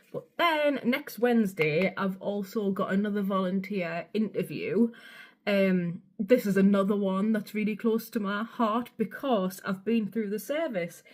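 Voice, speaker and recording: A woman's voice: medium pitch, darkish tone. Chatty North East English woman vlogging. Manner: rambling, casual, swears freely. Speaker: beauty vlogger. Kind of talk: chatty makeup tutorial. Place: home vanity area.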